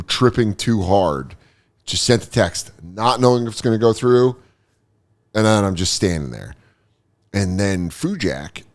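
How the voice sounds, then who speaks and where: A middle-aged man hosts a podcast, casually telling a story, swearing freely and imitating other people in high, silly voices.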